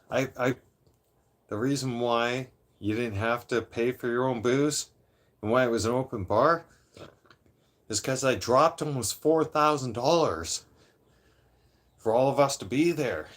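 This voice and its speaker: A man's voice: medium pitch, takes it slowly, pauses often. Rambling, profane man in his late thirties. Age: 30s; late 30s. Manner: profane, rambling, repeats and restarts phrases. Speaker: livestream host. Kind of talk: casual storytelling to a live chat.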